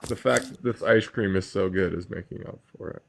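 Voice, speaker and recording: A man's voice: low-pitched, brisk, creaky, poor audio. A man from Canada, a panel member, chatting in a laid-back, joking way. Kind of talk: casual chat.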